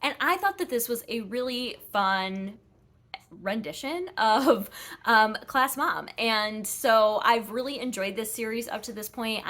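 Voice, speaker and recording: A woman's voice: mid-range voice, sharp tone. A woman chatting casually through her monthly book reviews, rambling with frequent ums and self-corrections. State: a little out of breath.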